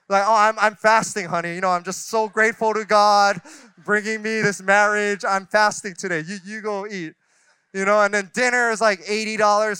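A man's voice: high-pitched, sharp tone, clean tone, no room sound. A man in his forties preaching a sermon as a pastor, talking in a conversational, self-deprecating way with frequent restarts and asides. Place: church sanctuary.

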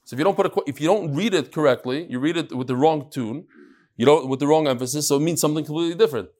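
A man's voice: on the high side, expressive, racing, a little mellow. A man teaching a casual study-group class, chanting lines and then explaining them with restarts and joking asides. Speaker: Talmud teacher.

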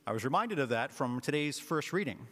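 A man's voice: medium pitch, animated, fairly quick, fairly bright tone, a little hiss or hum. A man, a parish priest, giving a conversational homily with frequent filler words. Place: church. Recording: long church reverb.

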